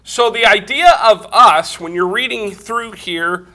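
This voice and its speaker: A man's voice: high-pitched, measured pace, bright, forceful tone. A man preaching a Bible lesson, explaining grammar step by step, congested and coughing from a cold. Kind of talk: Bible teaching sermon.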